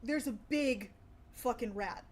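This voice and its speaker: A woman's voice: on the high side, slow. A young woman chatting casually with her stream viewers, rambling and swearing freely. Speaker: livestreamer.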